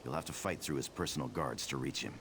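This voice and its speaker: Casting: gruff game rebel leader, extremely deep, gravelly, over steady background noise. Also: male voice, quick pace. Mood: urgent. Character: gruff male resistance leader in a video game. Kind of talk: game dialogue.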